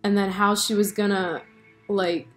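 A woman in her twenties chatting casually on her vlog, animated and full of fillers. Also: medium pitch, a little slow, soft background music. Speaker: vlogger. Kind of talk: casual chat about a TV show.

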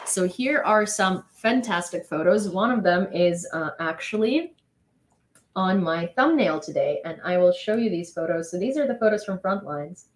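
A young woman streamer telling a long casual story to her chat, rambling with many "like"s and restarts and laughing often. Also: mid-range voice.

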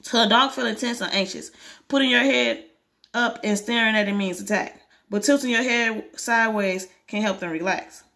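A woman voicing a detached male professor, speaking in a flat, matter-of-fact way. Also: fairly high pitch, moderate pace. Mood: explaining. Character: aloof, blunt male professor, calm and detached.

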